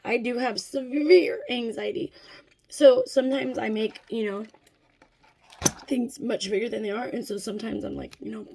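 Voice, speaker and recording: A woman in her thirties from California tells a story in a loose, rambling way, with fillers and frequent swearing. Her voice has a gravelly fry and sits a little high. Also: fairly even intonation, normal speed, warm tone. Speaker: vlogger. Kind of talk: casual storytelling vlog.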